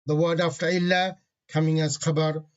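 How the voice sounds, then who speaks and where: Guy teaching a grammar class, a bit high voice, repeats stuff slow, muffled lo-fi audio. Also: little pitch movement, clear, resonant tone. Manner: patient, repeats key terms slowly; reads Arabic grammar phrases quickly. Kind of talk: online grammar lesson.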